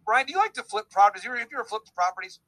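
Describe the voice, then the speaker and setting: A man's voice: high voice, animated, racing, a bit bright, low-quality recording. A man hosting a casual podcast chat, rambling and joking, with many restarts. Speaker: podcast host.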